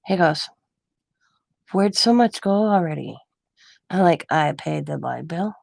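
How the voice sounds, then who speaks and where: Gravelly chatty woman telling a story. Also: sits low, lively intonation, unhurried, a little mellow, no room sound. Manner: chatty storytelling, acting out quoted lines; laughs often mid-sentence. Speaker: craft vlogger. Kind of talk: casual chat. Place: home.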